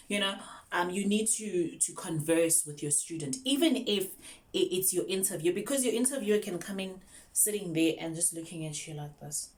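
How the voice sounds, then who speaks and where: A woman's voice: fairly low pitch, animated, moderate pace. A young South African woman, an online English teacher, chatting casually through tips and mixing English with Zulu.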